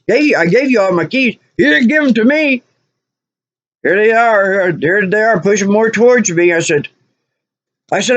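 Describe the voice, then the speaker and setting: A woman's voice: on the high side, measured pace, long pauses, no room sound. A woman recounts a run-in on her vlog, exasperated and repeating herself for emphasis. The recording sounds dull and lo-fi. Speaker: vlogger. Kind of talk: animated personal storytelling.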